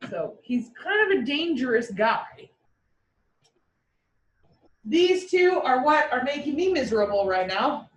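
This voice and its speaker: A woman teaching a class in a playful way, with vivid comparisons and quick mock voices, recorded from across the room. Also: high voice, distant mic, a little hiss or hum. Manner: playful, uses military metaphors and mock voices. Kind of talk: classroom lecture. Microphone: far from the mic. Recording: echoey classroom recorded from afar.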